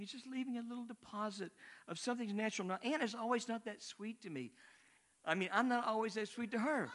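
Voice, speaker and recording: A man's voice: sits high, fast talker, a bit bright. An older man, a missionary, preaching a sermon in a conversational, rambling way with asides.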